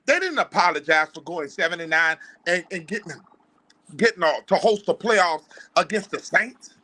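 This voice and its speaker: This high-pitched, animated man talks at normal speed with a sharp tone and a New Orleans accent. In casual sports podcast talk, he argues his analysis hard, fired-up and firing off rhetorical questions.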